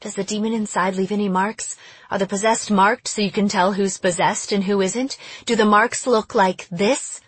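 A woman's voice: medium pitch, steady tone, breathy edge, no room sound, natural voice. A woman voicing a mocking teenage girl who acts possessed and fires sly questions. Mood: probing. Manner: taunting, sly, rapid questioning.

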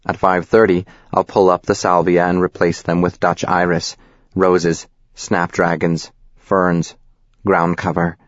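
A man reading a novel aloud as narrator, in a deadpan, measured, wry manner. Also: deep voice, no room sound. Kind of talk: scripted audiobook narration. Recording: slightly dull, dry recording.

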